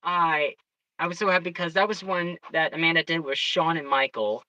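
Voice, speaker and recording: A storyteller chatting casually on a livestream, excitable and rambling, often restarting sentences. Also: mid-range voice, a little fast, muffled recording.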